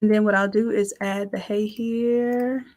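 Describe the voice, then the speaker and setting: A woman's voice: mid-range voice, little pitch movement, unhurried, a little mellow. Chatty woman teaching a design class. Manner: chatty, upbeat, thinks aloud. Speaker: design instructor. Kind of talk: live software tutorial.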